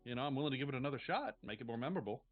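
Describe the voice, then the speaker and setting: A man's voice: mid-range voice, lively intonation, racing, soft background music, voice pushed up, close to an everyday voice. Man putting on a sleazy middle-aged bar flirt, smarmy and pushy, married, tabletop game figure, thin tinny line. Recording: tinny phone-like sound.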